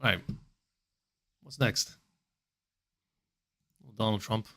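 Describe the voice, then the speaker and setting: A man vlogging from home, musing casually and reacting to clips, with relaxed fillers. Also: on the low side, extremely slow, a little hiss or hum.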